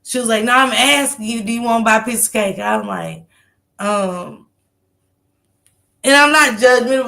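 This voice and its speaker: A woman in her thirties telling a story in casual chat, animated and profane, laughing often and acting out the people she quotes. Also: on the high side, creaky. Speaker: storyteller recounting a street encounter.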